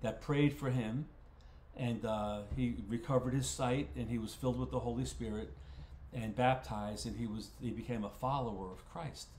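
A man's voice: medium pitch, steady tone, moderate pace, darkish tone, slight background noise. Folksy man teaching Bible study in a roomy space. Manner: folksy, repeats words while thinking aloud. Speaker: pastor leading a Bible study. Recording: roomy echo.

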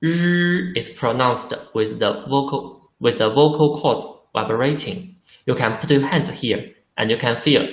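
A man's voice: mid-range voice, reverberant, low-quality recording. A man teaching a lesson in English, patiently repeating syllables for drills. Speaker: Chinese teacher. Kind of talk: language lesson.

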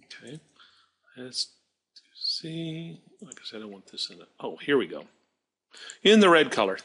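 A male math teacher narrates a screen-recorded tutorial, his voice bright and a little husky. His pitch moves up and down a lot, and he thinks aloud as he works, stopping to fix his own mistakes. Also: sing-song, a little slow. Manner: thinking aloud while working, self-correcting.

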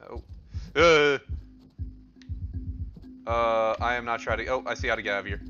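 A young man giving casual, excitable gameplay commentary, swearing and yelping in panic as he plays. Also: medium pitch, normal speed. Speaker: gameplay streamer. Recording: dull lo-fi audio with game music. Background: game music.

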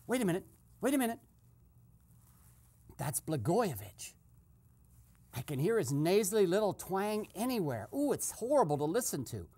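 Hushed, gleeful comic male host. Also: high voice, husky. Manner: hushed, gleeful play-by-play with sudden excited outbursts. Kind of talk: comic eavesdropping skit.

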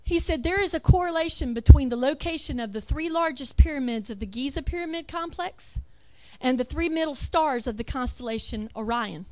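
A woman's voice: high voice, brisk, hardly any pauses, warm tone. A woman giving an emphatic religious talk over slides, with rhetorical questions and self-corrections. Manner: reads lists aloud, self-correcting. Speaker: religious speaker.

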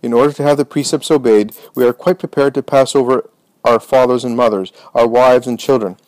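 A man's voice: mid-range voice, fairly even intonation, fairly quick, a little mellow, no echo, lightly acted. A man voicing a self-righteous male scribe who lectures in a pompous tone. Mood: stern.

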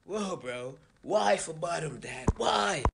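A man's voice: fairly high pitch, animated, slow, gravelly, heavy background noise, full character voice. A man voicing a laid-back young stoner son who drawls in slang. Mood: mellow. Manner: drawling slangy "bro" talk.

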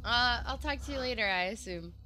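A woman's voice: on the high side, animated, fairly quick, background noise. A young woman streaming a horror game, chatting casually with her chat and swearing freely. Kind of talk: casual live gameplay commentary.

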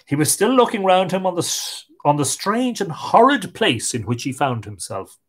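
Expressive Irish male storyteller. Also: high voice, moderate pace. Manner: lilting expressive reading aloud. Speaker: host and storyteller. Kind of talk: live-streamed folk tale reading.

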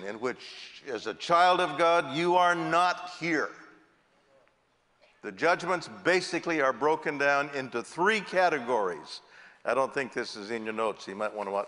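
A man's voice: mid-range voice, bright, forceful tone, in a large hall. Jovial man preaching a sermon. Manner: jovial, drawn-out emphasis. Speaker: pastor. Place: church sanctuary.

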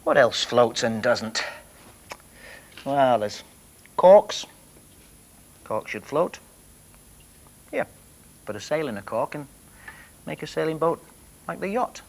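A man presenting a children's television programme, talking gently and playfully to young viewers as he floats toy boats. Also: medium pitch, expressive, slow pace, vocal fry, pauses often, poor audio.

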